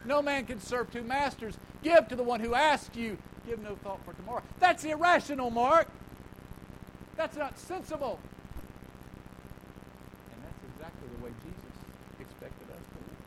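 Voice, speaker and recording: A male pastor preaching a sermon, swinging between loud emphatic lines and quiet, hushed asides. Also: extremely high pitch, slight background noise, low-quality recording.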